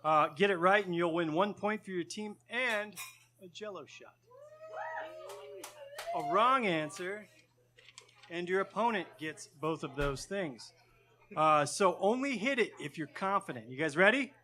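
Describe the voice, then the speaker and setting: A man co-hosting a live pub trivia show, running a buzzer round and explaining the rules briskly. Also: high-pitched, animated, pushed and bright. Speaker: co-host of quiz. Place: pub stage with live audience.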